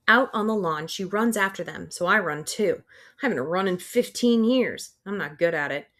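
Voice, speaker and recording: A woman's voice: mid-range voice, lively intonation, normal speed, a bit bright. A woman reading a first-person audiobook in a wry, dry storytelling manner. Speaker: audiobook reader.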